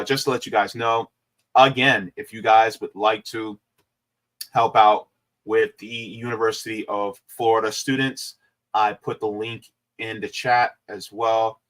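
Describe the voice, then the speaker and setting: A man's voice: lowish voice, fairly bright tone. A man hosting a casual livestream, talking to viewers in a loose, rambling way with plenty of fillers. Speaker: livestream host.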